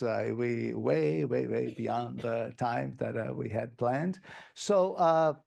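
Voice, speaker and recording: A man's voice: mid-range voice, creaky, darkish tone. A man giving a plenary conference presentation, speaking in an enthusiastic, conversational way with many restarts.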